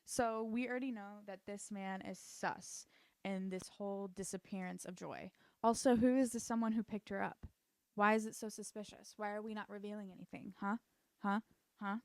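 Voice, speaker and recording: A woman's voice: medium pitch, steady tone, normal speed, darkish tone, no echo. A woman chatting casually and sarcastically as she recaps a TV show, full of "like" asides. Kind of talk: casual commentary.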